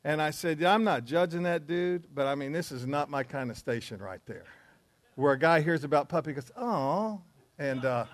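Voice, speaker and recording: A man's voice: a little high, brisk, no room sound. A man teaching a men's group in an earnest, emphatic preaching style, with asides along the way.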